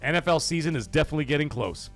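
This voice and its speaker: Excitable dude hosting a gaming stream, voice jumping all over, bit of music and crowd noise in the back. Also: male voice, a little high, rapid-fire. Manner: hyped, shouting, cursing, reading super chats aloud. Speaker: livestream host. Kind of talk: excited gaming livestream chat. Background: soundboard music and crowd cheers.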